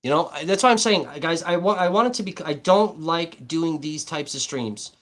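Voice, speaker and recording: A man's voice: fairly high pitch, moderate pace, few pauses, fairly bright tone. A man hosting a livestream, ranting bluntly and abrasively with heavy swearing. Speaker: livestream host. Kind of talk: heated livestream rant.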